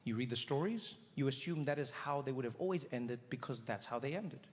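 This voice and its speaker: A man's voice: medium pitch, lively intonation, fairly quick, long reverb tail. A male stand-up comedian talking conversationally and acting out scenes on stage before a live audience.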